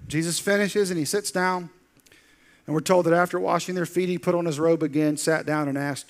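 A pastor with a fairly high voice preaches briskly, with a bit of hiss or hum in the audio. His storytelling features lively, acted-out quotes and soft, intense passages.

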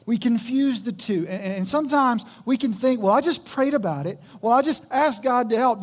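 A man preaching a sermon as pastor, telling a story with acted quotes and halting restarts. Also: sits high.

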